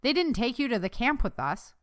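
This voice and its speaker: A woman voices a tough, feisty mother in an audiobook. She answers back quickly, and the voice is smooth and clear. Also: a little high, sing-song, fairly bright tone, no room sound, clean studio sound, voice pushed up.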